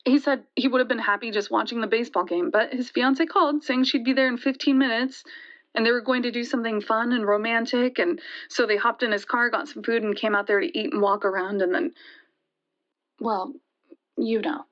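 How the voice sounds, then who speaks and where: A shaken young woman, played by an actress, tells her story in a fairly high voice, halting and stumbling over repeated words. The audio drama sound is dull and lo-fi. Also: fairly even intonation, a bit bright, close to an everyday voice. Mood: tense. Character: shaken young woman retelling a deadly night.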